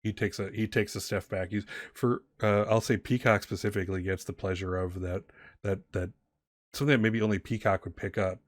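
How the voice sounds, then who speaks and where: A man's voice: lowish voice, fairly even intonation, fairly quick, dry recording, clean studio sound. A man narrating a tabletop game as game master, rambling with many fillers and restarts.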